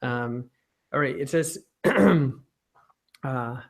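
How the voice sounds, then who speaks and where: Gravelly twangy man reading questions. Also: mid-range voice, lively intonation, extremely slow. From Pittsburgh, USA. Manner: rambling, playful, stumbling.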